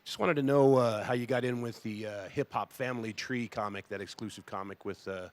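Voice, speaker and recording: A man's voice: medium pitch, fairly even intonation, brisk. A man in the audience asking a question hesitantly, with fillers.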